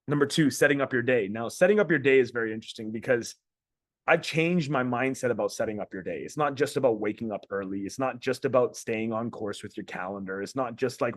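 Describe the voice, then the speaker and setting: A man's voice: medium pitch, no room sound, clean studio sound. A man coaching other men on a group call, talking casually and bluntly, with some swearing and repeated words. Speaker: men's coach. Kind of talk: motivational talk to a group call.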